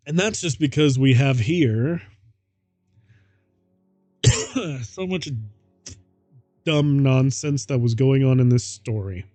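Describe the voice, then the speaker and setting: A man's voice: medium pitch, a little mellow, no echo. A man streaming himself reading a story aloud, laughing at the text and adding mocking asides. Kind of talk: casual dramatic reading.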